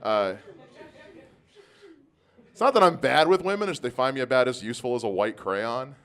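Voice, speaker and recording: Male stand-up comedian, self-deprecating, mid-pitched with a lively, swooping delivery. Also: normal speed, smooth.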